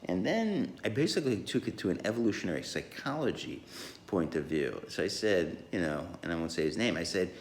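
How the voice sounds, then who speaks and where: Low-voiced man, rambling solo podcaster, lots of ums and restarts, lively swooping delivery, roomy echo. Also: a little fast, slight background noise. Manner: rambling, many fillers and restarts, chuckles.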